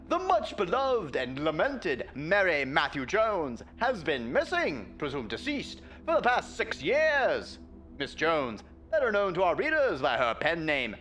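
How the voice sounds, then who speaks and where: A man's voice: high voice, fairly bright tone, slight background noise, voice pushed up, exaggerated voice. A man doing an old-timey male newsreader voice, reading a newspaper article aloud in a grand, sing-song period manner. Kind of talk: dramatic reading.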